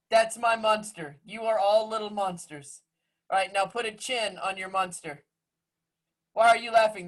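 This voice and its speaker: A man's voice: high voice, normal speed. A man teaching music to a class of children over a video call from home. He jokes and teases as he gives step-by-step instructions. His voice comes through a laptop microphone. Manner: playful, teasing, joking with young students.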